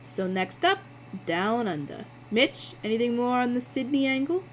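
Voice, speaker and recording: A woman voicing a calm male investigator who asks measured, probing questions in a slightly lowered voice. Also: slight background noise, rough recording.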